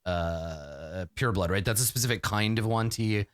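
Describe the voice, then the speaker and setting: A man running a tabletop game as game master, chatty and quick with laughing asides. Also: on the low side, no room sound, clean studio sound.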